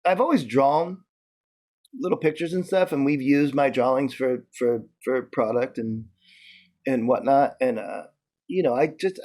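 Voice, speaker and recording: A man being interviewed, telling stories in a loose, profane, animated way, with lots of restarts and "like". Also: medium pitch. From New York. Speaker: interview guest. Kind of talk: casual storytelling.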